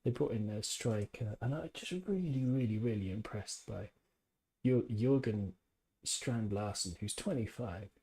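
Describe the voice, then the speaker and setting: A man hosts a casual live stream from home and reads viewer comments aloud. He rambles from point to point with firm opinions and jokey asides. His voice is mellow and dark with a slight husky edge. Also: lowish voice, unhurried. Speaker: podcast host reading live chat.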